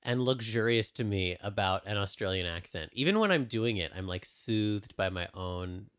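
A man's voice: on the low side, expressive, normal speed, fairly bright tone. A man co-hosting a casual podcast, explaining things in a thoughtful, earnest way. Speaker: podcast co-host. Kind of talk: casual podcast chat about astrology.

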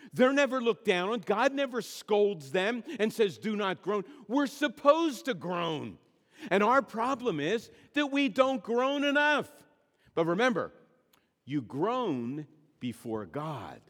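Man, pastor, emphatic sermon, lively high voice, long hall reverb. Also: unhurried. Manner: emphatic preaching, repeating key words.

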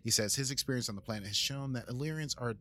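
A man's voice: mid-range voice, fast talker, pushed and bright, a little hiss or hum. A man, a podcast host casually recapping an episode in a rambling, playful way. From United States. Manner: rambling, playful, adds sound effects. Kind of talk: casual chat.

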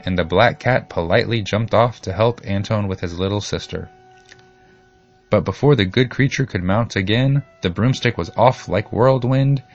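A man with a low voice reads a children's storybook aloud, steady and expressive. Faint music plays softly behind him. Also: highs cut off. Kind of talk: scripted storybook narration.

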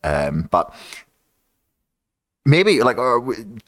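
A man's voice: mid-range voice, very animated, very slow. A man co-hosting a casual chat, opinionated and rambling, swearing freely.

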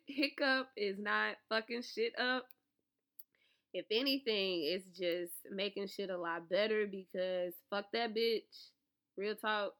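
A young adult woman on a profane, animated storytime rant to her viewers. She swings from loud outbursts to low, calmer talk. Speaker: vlogger, author promoting an ebook.

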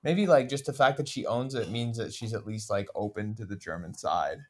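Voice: mid-range voice, a little fast, darkish tone. A speaker in casual chat, thinking aloud with hesitant restarts while building theories. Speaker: discussion participant.

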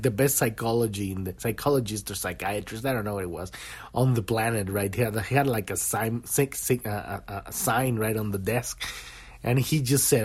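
Animated man talking spirituality. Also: fairly low pitch, slightly rough. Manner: animated, many restarts, acts out quoted voices. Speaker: podcast host. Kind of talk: spiritual monologue.

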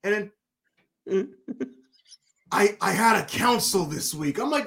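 A man in mid-range pitch hosts a casual podcast chat and tells a story with a lot of movement in his voice. He swears freely and climbs up high and loud when he gets worked up. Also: lively intonation, slow, creaky, long pauses. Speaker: podcast host.

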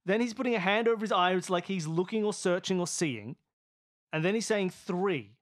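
A man's voice: high voice, lively intonation, normal speed, a bit bright. A man playing a tabletop game, thinking aloud and guessing, getting exasperated at the other players.

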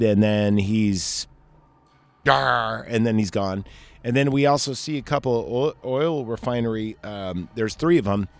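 A man's voice: medium pitch, a little mellow. Rambling, joking man recapping a movie. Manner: rambling, joking, profane, many fillers. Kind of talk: casual chat.

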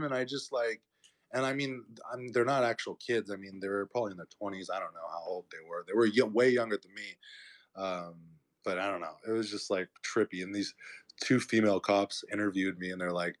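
A man's voice: fairly low pitch, fairly quick. A man who fights MMA, talking as a podcast guest, telling a story casually, with lots of fillers, and acting out the people he quotes. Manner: animated, acts out quoted voices, filler-heavy.

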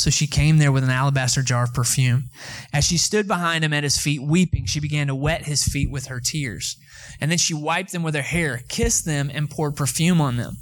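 Animated pastor preaching. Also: male voice, fairly high pitch. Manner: conversational, animated storytelling with asides to the congregation. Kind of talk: sermon.

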